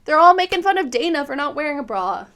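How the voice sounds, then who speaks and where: A woman hosts a casual podcast, recapping reality TV in loose, opinionated chat. Her voice sits slightly high with a gravelly fry running through it. She talks freely and leans on fillers as she goes. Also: very animated, quick pace, a bit bright. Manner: chatty, filler-heavy, opinionated. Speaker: podcast host.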